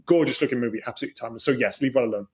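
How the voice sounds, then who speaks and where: Fast-talking husky man chatting. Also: medium pitch. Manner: swears freely, animated and chatty. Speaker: podcast co-host. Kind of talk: casual chat.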